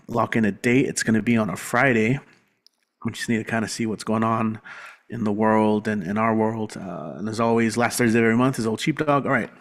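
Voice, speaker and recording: A man's voice: mid-range voice, a bit bright. A man hosting an online open mic over a video call, easygoing and calling out to guests. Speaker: host. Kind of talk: casual hosting.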